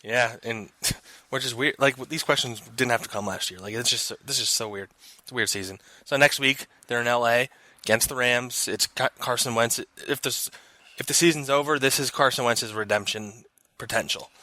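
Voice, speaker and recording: A young man co-hosting a football podcast talks in a loose, easygoing way and laughs easily. His voice is bright at a mid pitch, recorded dry and close. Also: moderate pace, dry recording. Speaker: sports reporter co-host. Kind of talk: casual sports analysis chat.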